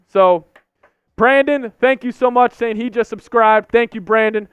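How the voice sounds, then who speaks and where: A man's voice: very high voice, unhurried, smooth, no room sound. A young man hosting a live sports stream, ranting in frustration and repeating himself. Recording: slightly dull lo-fi stream audio.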